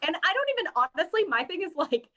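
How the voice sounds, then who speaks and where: A woman's voice: extremely high pitch, very animated, fast talker, fairly bright tone, dull audio. A woman co-hosting a casual podcast, reading news items and chatting with amusement. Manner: amused, laughing often. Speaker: podcast co-host.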